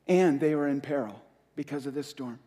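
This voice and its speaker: A man preaching a sermon as pastor, impassioned, repeating key phrases and letting his voice rise and fall with pauses. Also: mid-range voice, warm tone, big-room sound.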